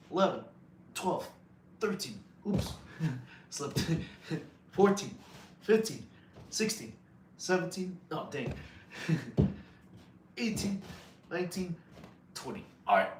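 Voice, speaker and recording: A man's voice: mid-range voice, echoey room, slight background noise. A man chatting casually on a live stream, giving fitness advice, thanking viewers and counting out push-ups, sometimes a little out of breath. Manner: laid-back, chatty, thanks viewers, counts reps aloud.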